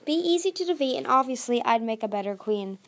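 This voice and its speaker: A woman's voice: fairly high pitch, animated, quick pace. A woman reading aloud, voicing a proud, anxious young female sea dragon who speaks emphatically. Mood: scheming. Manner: emphatic, pleading.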